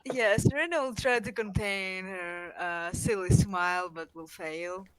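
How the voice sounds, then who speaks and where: Slow-talking woman in a tabletop game. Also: mid-range voice, a little hiss or hum, low-quality recording. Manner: easygoing, narrates her character's actions. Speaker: player. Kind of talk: tabletop game play over voice chat.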